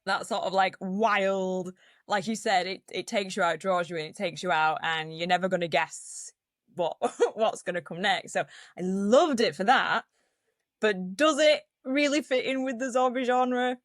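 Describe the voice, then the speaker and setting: Brief: young woman, podcast co-host, animated storyteller, very dry close sound. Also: medium pitch, a little slow, dry recording. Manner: animated storyteller, acts out quotes, laughs a lot. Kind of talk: casual film review chat.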